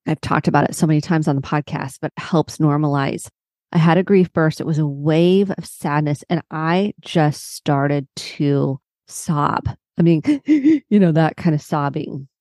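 A woman's voice: deep voice, darkish tone, no room sound, studio quality. A middle-aged woman therapist hosting a solo podcast, talking in a reflective, personal and open way.

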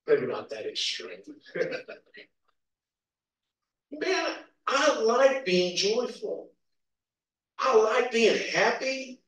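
Man, pastor, lively pitch, preaching, echoey room, mic at a distance. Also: drawn-out words, long pauses. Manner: animated storytelling with laughs and acted quotes. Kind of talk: sermon. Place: church sanctuary. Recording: roomy echo, from a distance.

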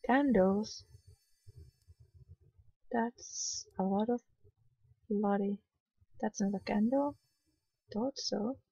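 A woman's voice: mid-range voice, drawn-out words, pauses often, mellow, breathy edge, dry recording, lo-fi sound. A woman casually talking through a hidden-object game, sleepy and yawning, muttering with mild exasperation. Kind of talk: casual let's-play commentary.

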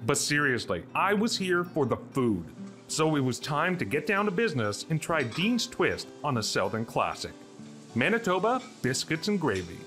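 A man's voice: a little high, sing-song, a bit bright, soft background music. A young man from Canada hosting a travel show, narrating in an upbeat, easygoing way. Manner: upbeat, easygoing, quick affirmations.

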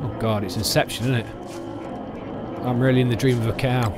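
A man commentating on a video game he is playing, excitable and sweary, often yelling at the game. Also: mid-range voice, a little fast, very noisy. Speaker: let's play gamer. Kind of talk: gameplay commentary.

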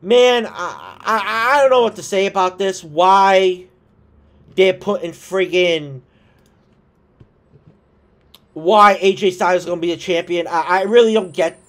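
A man talks through a casual wrestling vlog, his voice sitting high for a man. He drawls his points out slowly, tossing in swears and exasperated asides. He has the hiccups. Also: fairly bright tone. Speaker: wrestling commentator vlogger.

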